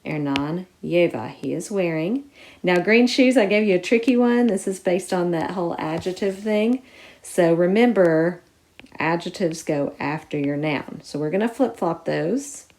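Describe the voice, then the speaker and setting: A woman teaching a recorded lesson, explaining each step clearly and putting stress on key words. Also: fairly low pitch, expressive, unhurried, darkish tone. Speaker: Spanish teacher.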